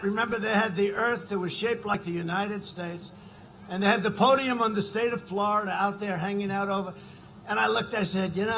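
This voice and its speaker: Bright high-pitched older man at a rally. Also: a little hiss or hum, poor audio. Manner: rambling, conversational asides, sudden shouted lines. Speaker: political rally speaker. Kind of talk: campaign rally speech. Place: political rally.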